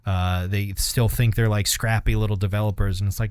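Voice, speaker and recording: A man's voice: on the low side, level tone, a little fast, darkish tone, smooth, no echo, clean studio sound. A young man co-hosting a podcast, rambling casually with lots of swearing and laughter. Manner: rambling, profane, laughs at his own stories. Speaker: podcast co-host. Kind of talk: casual chat.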